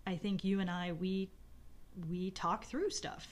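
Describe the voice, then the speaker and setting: A woman's voice: medium pitch, steady tone, a little slow. A middle-aged woman in casual conversation, reflecting at length on her marriage with many fillers and restarts. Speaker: podcast co-host talking about her marriage.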